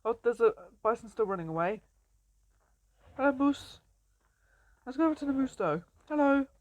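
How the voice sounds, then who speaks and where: A woman's voice: on the high side, lively intonation, normal speed, a little mellow. Chatty young woman playing a game. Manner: chatty and playful, often laughing and greeting animals. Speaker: gameplay commentator. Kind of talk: casual let's-play commentary.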